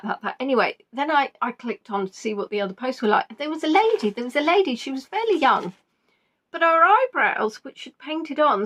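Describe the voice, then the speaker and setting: A woman hosting a live-stream quiz in a chatty, giggly way, reading out viewers' answers and teasing them. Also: on the high side. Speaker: quiz host.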